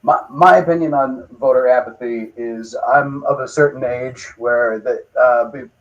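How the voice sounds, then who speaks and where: A man in his forties in casual talk-show chat, speaking in a measured way with many fillers. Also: medium pitch, slight background noise. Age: 40s. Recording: dull lo-fi sound.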